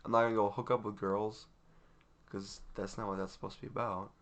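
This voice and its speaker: A man's voice: on the low side, level tone, brisk, a bit bright. A young man co-hosting a podcast, chatting casually and rambling with lots of fillers and frequent laughter. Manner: giggly, rambling with many fillers. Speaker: podcast co-host. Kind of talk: casual chat.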